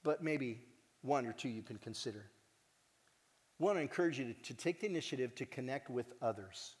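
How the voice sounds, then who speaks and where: A man's voice: mid-range voice, fairly quick. Earnest man speaking in a reverberant hall. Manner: earnest, animated, jokes with the audience. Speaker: executive director giving a conference talk. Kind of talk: heartfelt conference address.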